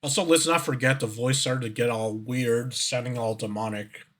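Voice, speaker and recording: A man's voice: mid-range voice, fairly even intonation, moderate pace, fairly bright tone. A man streamer giving casual reaction commentary who rambles, swears, and fills his talk with fillers and restarts.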